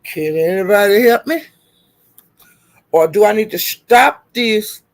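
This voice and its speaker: A woman's voice: mid-range voice, animated, a little slow. A woman hosting a live stream who is frantic and flustered, swearing, laughing and calling out to viewers for help. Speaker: livestream host.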